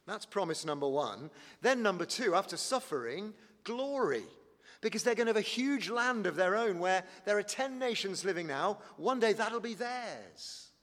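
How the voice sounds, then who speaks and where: A man preaching a sermon in a church, animated and conversational, calling his listeners friends. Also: high-pitched, moderate pace, big-room sound.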